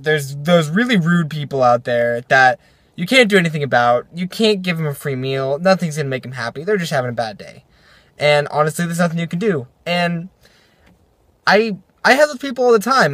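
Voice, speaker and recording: A man's voice: fairly high pitch, fairly bright tone, no room sound. A young man, a restaurant server, ranting casually in a vlog recorded in his car, mimicking rude customers as he tells a story.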